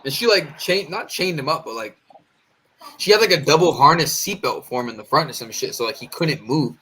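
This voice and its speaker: Animated, swearing man telling a story. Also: fairly high pitch, fairly quick, slight background noise. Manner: animated, profane, acts out quoted voices. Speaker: podcast co-host. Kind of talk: casual storytelling among friends.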